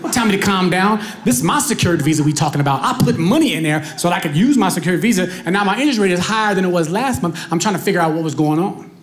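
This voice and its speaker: High-voiced man doing stand-up. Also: very fast. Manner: animated storytelling, addresses crowd. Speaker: stand-up comedian. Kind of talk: stand-up comedy. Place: comedy club stage.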